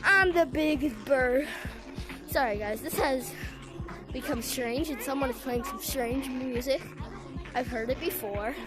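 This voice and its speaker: A woman's voice: sits high, measured pace, over loud music. A woman casually chatting while playing a VR game, playfully chanting a catchphrase over and over. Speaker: VR gamer vlogger. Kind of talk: casual gameplay chat.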